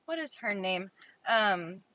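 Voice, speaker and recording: A woman's voice: mid-range voice, lively intonation, slow, sharp tone. A woman co-hosting a podcast, chiming in casually with short teasing remarks and laughter. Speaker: podcast co-host. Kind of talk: casual chat.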